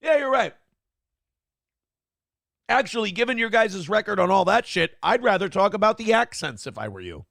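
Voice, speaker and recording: A man's voice: high voice, big pitch swings, normal speed, vocal fry, long pauses, fairly bright tone, dry recording, clean studio sound. A man hosting a morning show, giving blunt, profane, sarcastic commentary over clips.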